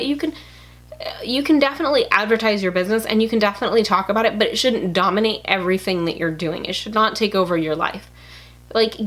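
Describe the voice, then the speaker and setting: A woman's voice: mid-range voice, fairly bright tone. Blunt woman giving frank advice. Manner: blunt, frank, many fillers and restarts. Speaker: YouTuber. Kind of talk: casual advice monologue.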